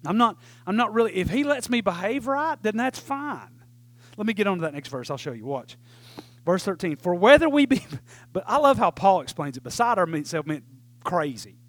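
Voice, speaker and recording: A male preacher delivers a folksy, animated sermon with frequent "right?" asides. His voice sits very high for a man. The sound is dry and close, with no room echo. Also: normal speed.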